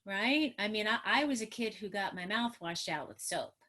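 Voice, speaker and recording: A middle-aged trauma therapist gives an animated, emphatic webinar talk over a video call, acting out the words of parents and children. Her voice sits at a medium pitch and moves at a normal speed, picked up by her computer mic.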